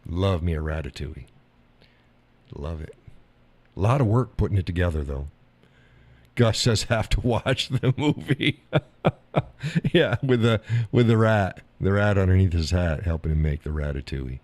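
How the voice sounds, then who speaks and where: A man's voice: sits low, moderate pace, pauses often, a little mellow, no echo. A man hosting a live stream, chatting casually with viewers in a folksy, drawling way and laughing often.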